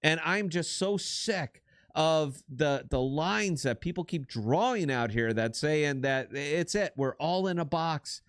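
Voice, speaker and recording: A man's voice: on the high side, expressive, slow pace, a bit bright, clear, resonant tone, dry recording, studio quality. Blunt, profane male podcast ranter. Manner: blunt, profane, emphatic ranting. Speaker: podcast co-host. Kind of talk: heated political commentary.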